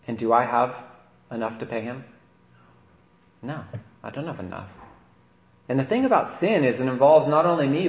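A man's voice: medium pitch, darkish tone. A man, a priest, giving a conversational sermon and often checking in with "right?". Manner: conversational preaching with frequent "right?" asides. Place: church. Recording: echoey church room.

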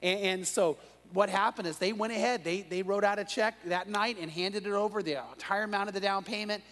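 A man preaching an evening sermon as pastor, telling stories in an animated way with frequent restarts. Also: high-pitched, a little fast. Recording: long reverb of a large room.

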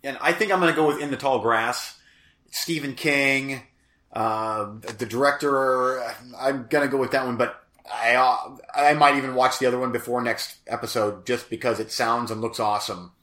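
Podcast co-host, man, crackly bright voice, rambly, self-mocking, echoey room. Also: medium pitch, steady tone, moderate pace. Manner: rambling, self-deprecating, lots of fillers. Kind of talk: casual podcast chat.

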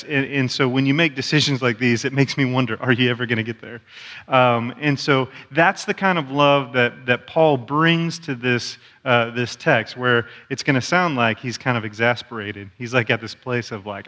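A man's voice: medium pitch, normal speed, pushed and bright. A man preaching a sermon as a pastor, in a conversational way with self-deprecating humor. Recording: long church hall reverb.

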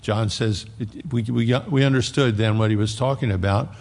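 Gravelly-voiced man preaching in a reverberant hall. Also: medium pitch, normal speed, a little mellow. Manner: conversational, acts out quoted voices. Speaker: pastor. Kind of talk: sermon.

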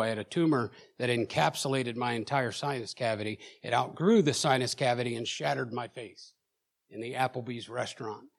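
A man preaching in a church, telling his own story with emotion, at times loud and at times hushed, often repeating words as he presses on. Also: medium pitch. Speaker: preacher sharing a personal testimony. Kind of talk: sermon testimony.

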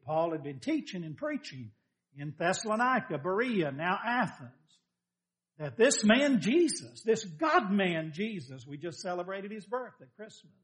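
A man's voice: sits high, big pitch swings, normal speed, a bit bright. A middle-aged male pastor preaching a sermon, emphatic, asking rhetorical questions and quoting scripture.

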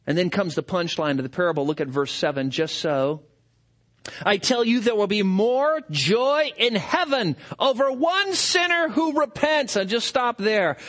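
Animated high-voiced man preaching a sermon. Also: measured pace. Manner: animated, acts out quoted voices with big pitch swings.

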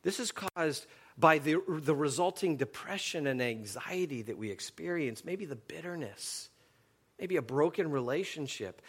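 A middle-aged man preaching a sermon, telling stories with animated swings between loud and hushed delivery. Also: fairly high pitch, husky. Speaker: pastor.

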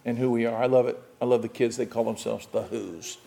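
A man preaching a sermon as pastor, animated, with dramatic swings in loudness and emphasis. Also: mid-range voice, brisk, gravelly.

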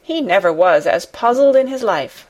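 A woman's voice: medium pitch, lively intonation, moderate pace, a little mellow, close to an everyday voice. A woman voicing a flustered, talkative older housekeeper who rambles deferentially to her master. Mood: anxious.

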